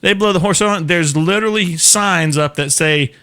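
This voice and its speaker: A man's voice: high voice, moderate pace, pushed and bright. A man from Florida with a Southern accent, hosting a casual show and answering viewer questions in a rambling, chatty way. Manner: rambling, chatty, laughs often. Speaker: show host.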